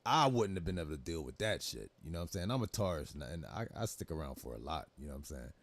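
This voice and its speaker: A young man hosts a livestream, reacting to clips with loose, profane, laughing commentary. His voice sits low in pitch. The sound is dry and close, with no room around it. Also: sing-song, fast talker, dry recording. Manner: loose, laughing, swears freely.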